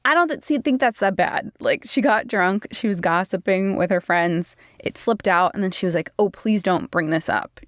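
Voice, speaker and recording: A woman's voice: medium pitch, moderate pace, few pauses, dry recording, studio quality. A woman co-hosting a podcast, chatting casually and explaining legal basics step by step. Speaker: podcast co-host.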